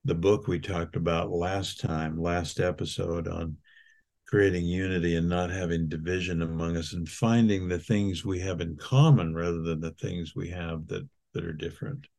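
A man's voice: low-pitched, fairly even intonation, normal speed, gravelly, darkish tone. An older man co-hosting a podcast, talking in an earnest, reflective way with frequent restarts. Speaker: podcast co-host. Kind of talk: casual reflective chat.

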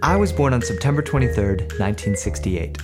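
A man's voice: medium pitch, expressive, brisk, over music. A man telling a family story from his childhood, acting out the voices of his family. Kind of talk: personal storytelling.

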